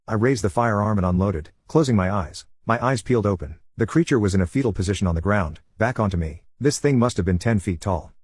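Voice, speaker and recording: Fast-talking husky male story narrator. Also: lowish voice, expressive, darkish tone, dry recording. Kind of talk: scripted horror story narration.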